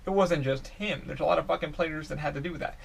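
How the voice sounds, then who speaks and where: A young man hosting a podcast, rambling on in a profane, excitable, casual way with lots of restarts. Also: on the high side, fast talker, creaky, slightly rough. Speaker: podcast host.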